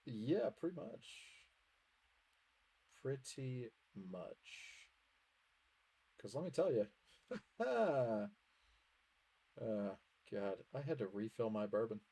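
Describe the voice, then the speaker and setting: A man chatting on a live game stream with a wry, teasing manner. His voice sits at a middle pitch, and his talk wanders from jokes to deadpan asides. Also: drawn-out words, long pauses, husky. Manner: wry, teasing, tells a bad joke with relish. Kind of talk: casual banter on a live stream. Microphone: headset.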